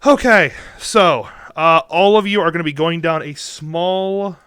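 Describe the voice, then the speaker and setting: A man's voice: on the high side, a little slow, fairly bright tone, clean tone, dry recording, clean studio sound. A young man narrating as game master over a voice call, rambling with fillers and restarts. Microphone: headset or desk mic on a voice call.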